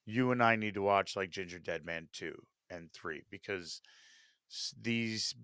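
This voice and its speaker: A man with a low, gravelly, bright-edged voice, trading wry jokes as a podcast co-host. His sentences often trail off into a mutter. He sounds dry and close to the mic. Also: measured pace, dry recording. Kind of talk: casual movie review chat.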